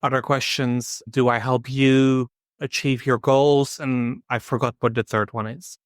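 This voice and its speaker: A man co-hosting a podcast, talking in a calm, measured way with dry humor. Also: medium pitch, dry recording. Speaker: podcast co-host. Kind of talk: casual chat.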